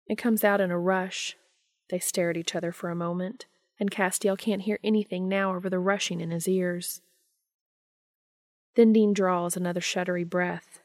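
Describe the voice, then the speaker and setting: A woman narrating a romantic story in a calm, slow, measured way. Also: lowish voice, no echo, studio quality. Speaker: story reader.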